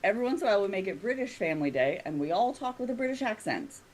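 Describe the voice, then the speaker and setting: A woman's voice: mid-range voice, sing-song, very fast, darkish tone. A chatty woman who laughs often, running a tabletop game as game master in casual chat. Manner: giggly, chatty.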